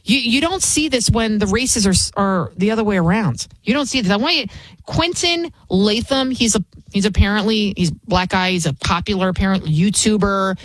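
A woman's voice: medium pitch, lively intonation, moderate pace, no echo, rough recording. Woman host ranting, heated and scornful, dry close sound. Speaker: political commentary host. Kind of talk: opinion commentary.

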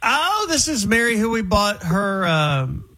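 Teasing, husky radio host man. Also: high-pitched, big pitch swings, bright, forceful tone, poor audio. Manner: teasing, quick and chatty. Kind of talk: radio show banter.

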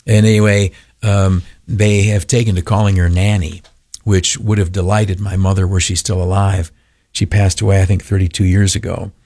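A man's voice: sits low, level tone, moderate pace, warm tone, no room sound, clean studio sound. An older man giving an informal devotional talk in a folksy, rambling way with many fillers.

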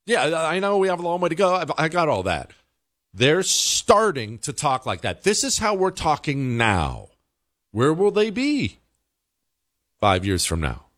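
A man's voice: medium pitch, fairly bright tone, no room sound, studio quality. A male host giving casual, emphatic commentary, with stammered restarts.

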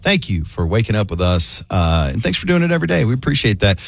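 A man's voice: lowish voice, big pitch swings, fast talker, vocal fry, dry recording. A middle-aged man hosting a morning radio show, chatting loosely and telling a story with frequent fillers. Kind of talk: casual morning radio banter.

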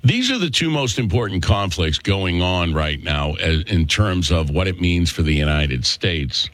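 A man's voice: low voice, sing-song, measured pace, a bit bright, dry recording. A male talk show host with a Worcester, Massachusetts accent, delivering a chatty, opinionated monologue and calling listeners folks.

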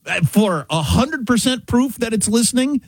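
A middle-aged man from Kansas, a talk-show host, telling a chatty, animated story in a casual way. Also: extremely high pitch, moderate pace, slightly rough, no echo. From Kansas, USA.

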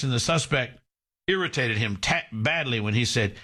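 A man hosting a casual radio chat, talking in halting restarts and telling dry corny puns. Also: mid-range voice, lively intonation, bright, forceful tone.

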